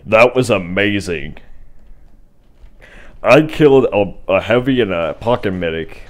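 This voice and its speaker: A young man with a very low, deep voice talks over his gameplay in a loose, rambling way. He tosses out sarcastic asides and chats to his viewers as the match goes on. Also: animated, unhurried. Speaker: gameplay commentator. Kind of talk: casual let's-play commentary.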